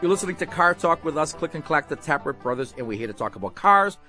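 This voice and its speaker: High, lively, laughing radio host. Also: male voice, quick pace, soft background music. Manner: laughs often, teasing. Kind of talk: joking radio banter.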